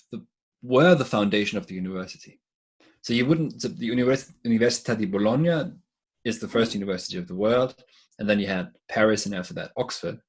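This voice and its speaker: A man with a low, husky voice talks as a podcast guest over a remote call. He explains ideas thoughtfully, stumbling and restarting his words now and then as he builds a point. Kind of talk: casual conversation.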